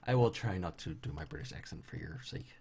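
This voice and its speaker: A man's voice: low-pitched, animated, fairly quick, gravelly, darkish tone, slight background noise. A tired young man chatting wryly with viewers while streaming a game. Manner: chatty, wry, talks to chat viewers. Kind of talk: casual live-stream commentary while playing. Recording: faint background game music.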